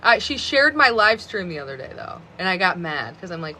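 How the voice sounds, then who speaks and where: A woman of about thirty talks into her phone on a live stream. Her voice is bright and a little sharp, and she rambles casually, stringing thoughts together with frequent fillers of "like.". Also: lowish voice, very animated, brisk, slight background noise. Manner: rambling, chatty, many fillers of "like".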